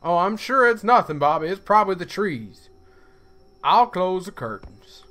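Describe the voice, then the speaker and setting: Gruff tired father, as a man puts him on, sinister underneath, lively pitch. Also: moderate pace, soft background music. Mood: reassuring.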